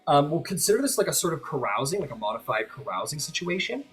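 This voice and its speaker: A man's voice: on the high side, very animated, fast, fairly bright tone, faint music behind. A man narrating as game master, describing scenes in a rambling, filler-heavy way.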